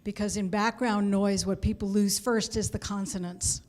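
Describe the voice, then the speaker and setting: A woman co-presenter explaining a voice strategy in a clear, practical way. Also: mid-range voice, steady tone, normal speed, a little mellow. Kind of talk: instructive explanation.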